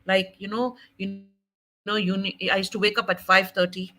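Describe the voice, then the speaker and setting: A woman sharing her faith testimony in an animated, laughing way. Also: medium pitch, moderate pace, low-quality recording. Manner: animated, laughing often, dramatic quoting.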